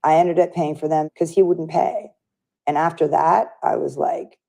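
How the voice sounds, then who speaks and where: A woman recounts events in a candid interview with a low, warm voice. She is an animated storyteller who keeps acting out the lines of the people in her story. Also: moderate pace, vocal fry. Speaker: interview guest.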